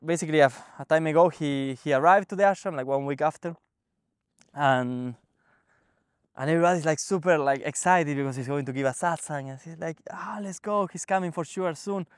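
Halting, animated man with a dry sound. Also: fairly high pitch, clear, resonant tone, dry recording. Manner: animated, halting, frequent restarts and fillers. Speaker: guest sharing a spiritual experience. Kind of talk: casual storytelling conversation. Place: ashram.

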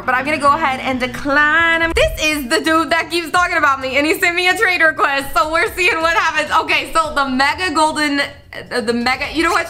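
A woman's voice: high-pitched, bright, forceful tone. A woman hosting a gaming channel, chatting straight to her viewers as she plays, bubbly and prone to squeals and gasps. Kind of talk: excited game-play commentary to viewers. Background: background music.

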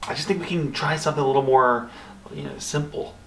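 A man in a comedy sketch who speaks in a flat, deadpan, worn-out way. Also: medium pitch, fast talker, creaky, echoey room, slight background noise, poor audio.

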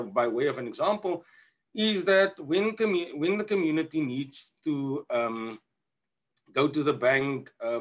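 A man from South Africa presents slides over a video call at a middle pitch. He talks haltingly, full of ums and restarts. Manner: halting, many fillers and restarts. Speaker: conference presenter. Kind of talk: online conference presentation.

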